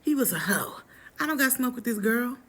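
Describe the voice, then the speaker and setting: A young adult woman telling a personal story in a casual, animated, dramatic way, full of slang. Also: fairly high pitch, a little fast, slightly rough.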